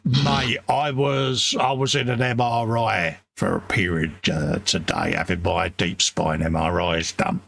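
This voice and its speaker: A man's voice: sits low, flat delivery, a little slow, gravelly, hardly any pauses, fairly bright tone, dry recording. A middle-aged man co-hosting a live hobby stream, joking and laughing as he reads out chat messages. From England. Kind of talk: casual banter.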